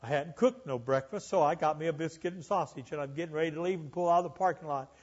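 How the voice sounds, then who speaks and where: An older man from Alabama with a Southern accent, preaching an impassioned sermon that swells loud and high, then sinks low. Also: quick pace, slightly rough, in a large hall, muffled recording. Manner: impassioned, building to near-shouting then dropping low.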